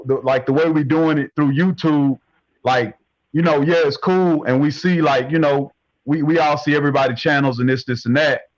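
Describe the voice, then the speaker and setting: A man's voice: medium pitch, no room sound, highs cut off. A man calling into a livestream, talking in a laid-back, slangy way. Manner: laid-back, slangy, addresses listeners as "bro" and "y'all". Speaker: caller on a livestream. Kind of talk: casual chat.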